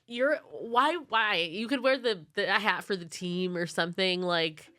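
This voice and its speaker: A woman's voice: lowish voice, moderate pace. A woman comedian co-hosting a podcast, telling a story in casual chat, acting out the people she quotes and laughing as she goes. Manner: animated storyteller, acts out quoted people and laughs mid-sentence. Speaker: podcast co-host, stand-up comedian.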